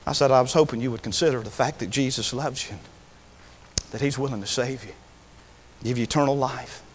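A male preacher tells a story from his ministry in a sermon. His pitch sits in a middle range. He builds from plain telling into passionate, pleading preaching. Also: fairly quick, slight background noise. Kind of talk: sermon testimony.

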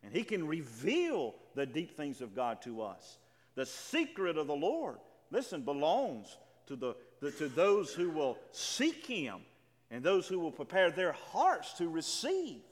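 A man's voice: a little high, huge pitch swings, measured pace. A man preaching a sermon, emphatic and full of stammering restarts, reading scripture aloud with drama. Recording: reverberant hall.

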